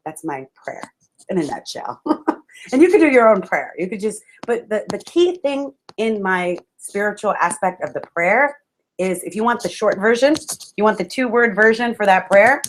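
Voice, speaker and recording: A woman's voice: medium pitch, lively intonation, moderate pace, slight background noise, low-quality recording. A woman giving a passionate, emphatic motivational talk to a live audience, often laughing and calling her listeners friends. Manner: laughs often between lines. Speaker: motivational speaker.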